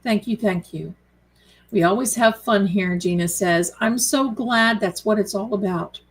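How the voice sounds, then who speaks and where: A woman's voice: mid-range voice, unhurried, poor audio. A woman hosting a tarot live stream, chatting casually and affectionately with viewers she calls her darlings. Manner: chatty and rambling, reads out viewer comments.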